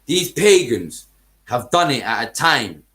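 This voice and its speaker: A man's voice: mid-range voice, big pitch swings, slow, pushed and bright. A man hosting a football podcast, ranting heatedly in casual chat, swearing and using heavy street slang.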